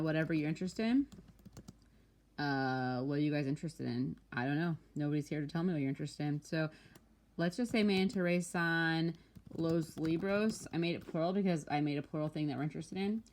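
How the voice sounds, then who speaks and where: A woman Spanish teacher walking through homework answers, explaining patiently and slowing down to pronounce each Spanish example. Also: lowish voice, slight background noise. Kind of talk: recorded homework walkthrough.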